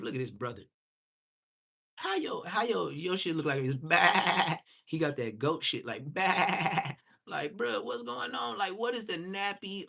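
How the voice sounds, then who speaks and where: A man roasting other streamers on a live stream, with a slightly high voice. He talks in an animated, mocking and profane way. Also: gravelly.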